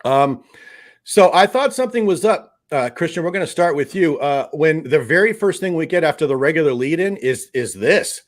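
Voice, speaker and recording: A man hosting a live fan stream, reading out chat comments and reacting with excited outbursts. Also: on the high side, moderate pace. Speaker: host of a live fan show.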